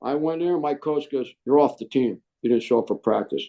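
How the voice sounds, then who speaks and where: With some vocal fry and a slightly quick pace, a middle-aged Marine veteran narrates his story in an interview. His voice is mid-range, and he animatedly performs the voices he quotes.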